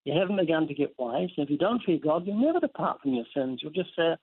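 A man's voice: a little high, quick pace, hardly any pauses, husky. A man guesting on an interview show, preaching earnestly and telling vivid stories laced with scripture quotes. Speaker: guest author. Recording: tinny phone line.

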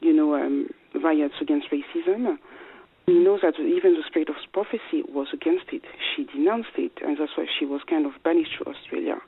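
A woman's voice: sits low, a little fast, no echo. A woman with a strong French accent calling in to ask a question, talking hesitantly with many fillers and restarts. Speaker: caller. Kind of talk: call-in question. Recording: husky tinny phone line.

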